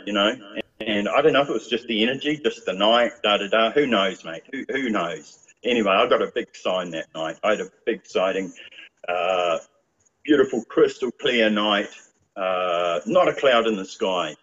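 Husky rambling Antipodean man, lo-fi. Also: on the low side, normal speed, a bit bright. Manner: rambling, chatty, lots of fillers. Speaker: guest. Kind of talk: casual chat.

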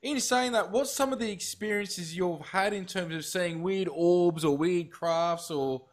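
A man hosting a casual chat, relaxed and asking questions. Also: high voice, unhurried. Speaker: host.

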